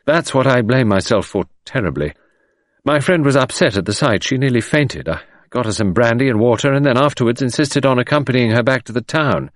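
An earnest young English gentleman, played by a male audiobook reader, owns up meekly and apologetically. His voice moves up and down freely. The reading is close and dry. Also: mid-range voice, lively intonation, fairly quick, no room sound, pitched above the performer's own voice, lightly acted. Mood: apologetic.

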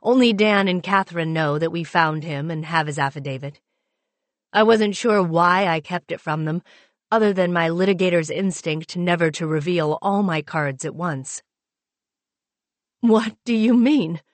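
A woman reading a first-person novel aloud in a measured, even manner. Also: fairly low pitch, no room sound. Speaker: audiobook narrator.

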